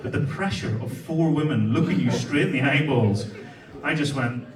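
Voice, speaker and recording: Heard from a distance in a reverberant comedy hall, a medium-pitched man at a moderate pace works the crowd. He's an Irish comedian in his 40s, storytelling and bantering brashly with lots of swearing while the audience laughs.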